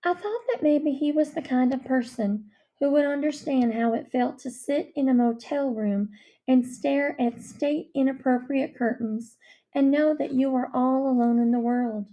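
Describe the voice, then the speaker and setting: Slow, mellow woman reading a story. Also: high-pitched. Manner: slow, measured, expressive. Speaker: audiobook reader. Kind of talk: storybook narration.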